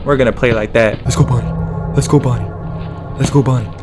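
A young man doing let's-play commentary, excitable and slangy, yelling orders and trash-talking game characters. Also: mid-range voice, fast, music in the background. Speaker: gaming streamer.

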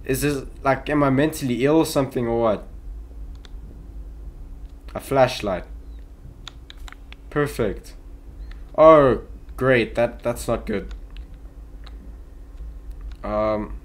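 Slow and pausing often, this young man's mid-range voice carries his chatty commentary as he plays a horror game for his YouTube channel. Easily startled, he yelps and shouts whenever something scary happens, with frequent "yo"s.

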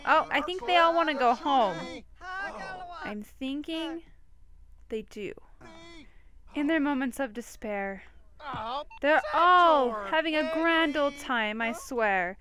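A young woman giving casual, playful commentary over a life-simulation game, teasing her characters with mischievous glee. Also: high-pitched. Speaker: gameplay commentator. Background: game music.

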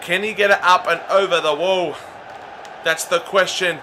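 A young man commentating live over a video game, chatting to viewers and shouting when play gets exciting. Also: high voice, moderate pace, slight background noise. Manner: chatty, addresses viewers as lads. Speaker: gaming YouTuber.

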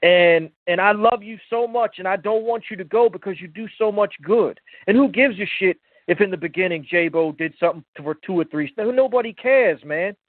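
An emotional man calls in over a tinny phone line, his voice pitched high for a man. He speaks earnestly, stumbling over restarts and repeating "brother." The sound is dry and close, with no room around it. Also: brisk, hardly any pauses, no room sound. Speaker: caller to a call-in show. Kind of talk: heartfelt call-in plea.

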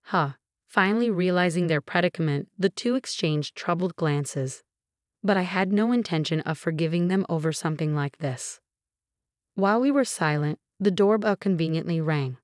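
A woman in her forties tells a first-person story in an even, measured delivery. Her voice sits on the low side, and the recording is close and dry with no room sound. Her tone stays steady throughout. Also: no echo. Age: 40s. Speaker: narrator.

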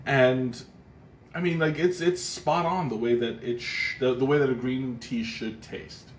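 Casting: easygoing male stream host, mid pitch, talks in loose rambling restarts, echoey room with faint hiss. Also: steady tone, unhurried. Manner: rambling, thoughtful, frequent restarts and fillers. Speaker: livestream tea taster. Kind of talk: casual live tasting chat. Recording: roomy echo, faint background noise.

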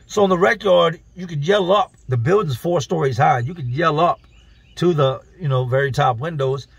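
A slightly high-pitched man with a gravelly, husky edge tells prison stories in loose street slang. He slips into the other people's voices as he recounts what they said. The sound is close and dry, with no room around it. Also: moderate pace, no room sound. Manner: streetwise slang, acts out quoted dialogue. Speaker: vlogger telling prison stories. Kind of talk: casual storytelling.

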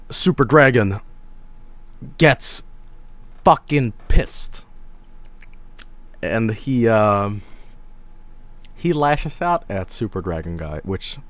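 A male streamer giving excitable live stream commentary, swearing freely and laughing often. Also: on the low side, no room sound.

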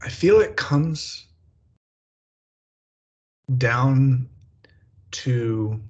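A man hosting a podcast in casual conversation, speaking slowly and deliberately with long reflective pauses. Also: mid-range voice, lively intonation, highs cut off. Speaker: podcast host.

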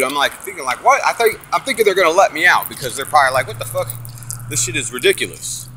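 Profane, animated man telling a story. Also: fairly high pitch, slight background noise. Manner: animated, profane, preachy, acts out quotes. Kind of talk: casual storytelling vlog.

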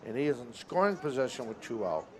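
A man calling local baseball play-by-play at an outdoor stadium, relaxed and chatty, often correcting himself. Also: mid-range voice, fast talker. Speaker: play-by-play announcer.

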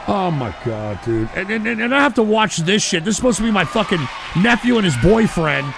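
A man hosting a live stream, ranting in a profane, exasperated way and shouting often. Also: sits high, very animated, fast, vocal fry, background noise. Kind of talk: live-stream commentary rant. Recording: stream with loud music and crowd behind.

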